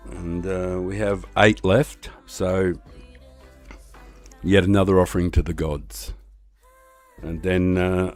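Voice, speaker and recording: An Australian man casually chatting on a live stream while playing a racing game, rambling and relaxed with lots of hesitations. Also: deep voice.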